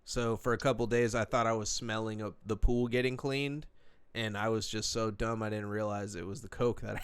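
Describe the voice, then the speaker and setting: A man's voice: lowish voice, fairly even intonation, a little fast, clear, resonant tone. A young man casually telling a story on a podcast, laid-back and profane, full of slang and fillers.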